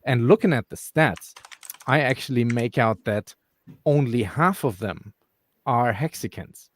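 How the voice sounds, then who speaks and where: A man's voice: medium pitch, measured pace. A man co-hosting a crypto live stream, chatting casually with lots of fillers and restarts. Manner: rambling, frequent fillers and restarts. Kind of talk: casual chat.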